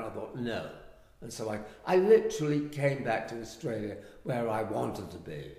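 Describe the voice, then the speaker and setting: Older male guest from England, lively raconteur, roomy reverberant sound. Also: mid-range voice, moderate pace, creaky. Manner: animated, acts out quoted voices. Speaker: guest, writer and actor. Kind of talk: anecdotal storytelling. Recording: echoey room with long reverb.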